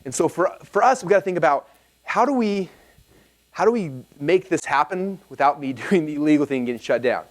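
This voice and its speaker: A man's voice: a little high, brisk. A man speaking to a live seminar audience, telling a personal story and acting out the dialogue with lots of energy. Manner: animated, acts out quoted dialogue.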